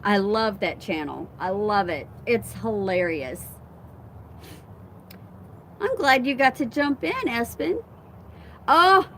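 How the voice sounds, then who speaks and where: A woman's voice: high voice, a bit bright, slight background noise. A woman hosting a casual live stream outdoors on her phone, chatting with viewers and laughing often. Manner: chatty, laughs often, reads and answers comments. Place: outdoors at home, wind and chimes around.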